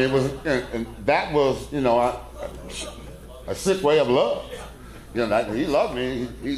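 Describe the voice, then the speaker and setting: A man's voice: mid-range voice, darkish tone. Middle-aged coach guy rambling folksy at a church mens event, roomy echo all around, medium voice. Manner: folksy, rambling, self-deprecating. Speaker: football coach speaking at a men's conference. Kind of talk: casual talk with a story. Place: church hall. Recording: echoey room.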